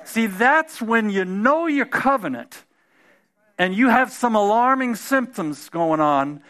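A man's voice: high voice, animated, slow pace, fairly bright tone. A man preaching a sermon in a conversational way, often restarting phrases and building to emphatic peaks.

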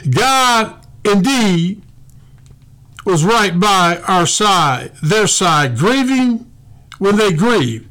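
A male pastor preaching a sermon in a fervent, conversational way, talking straight to his listeners and swinging between quiet reflection and loud praise. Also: a little high.

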